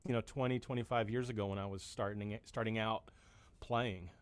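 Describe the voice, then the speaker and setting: A man's voice: fairly low pitch, fairly even intonation, brisk, clean tone. A man in his fifties chatting as a musician guest, rambling and self-deprecating, with many restarts. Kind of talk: casual chat.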